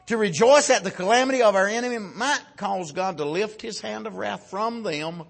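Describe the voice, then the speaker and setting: Brief: male preacher, fairly high pitched and husky, folksy delivery, big swings between shouting and quiet. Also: animated, normal speed, hardly any pauses. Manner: swings from loud shouting peaks to low quiet asides, folksy. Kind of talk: sermon.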